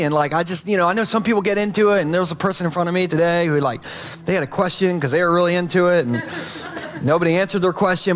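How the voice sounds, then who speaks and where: A man preaching as pastor, casual and chatty, dropping low and slow each time he repeats "holy.". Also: soft background music. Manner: repeats "holy" softly and slowly, chatty asides. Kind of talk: sermon.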